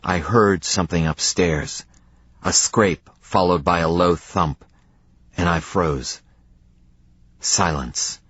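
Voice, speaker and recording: A man narrating a novel in the first person, measured, with dramatic pauses, in a dry, slightly dull audiobook recording. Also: sits low, fairly bright tone, breathy edge, dry recording.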